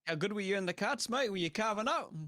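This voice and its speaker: A man's voice: high voice, animated, quick pace, sharp tone, no echo, clean studio sound. A man hosting a casual chat, matey and upbeat. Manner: matey and upbeat, says "mate" and "bro". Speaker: podcast host.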